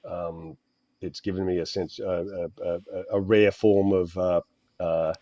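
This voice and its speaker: A middle-aged man with an Australian accent, a guest in a casual interview, talking in a rambling, halting way and swearing often. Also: low voice, flat delivery, dark tone, no echo. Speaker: guest author. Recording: dull, dry lo-fi audio.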